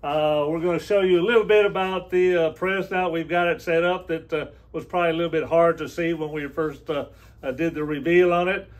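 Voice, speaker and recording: Give me a plainspoken man hosting a product demo, unhurried, fairly high voice. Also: fairly even intonation. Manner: slow, plain, many uh fillers. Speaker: host. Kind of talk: product demonstration narration.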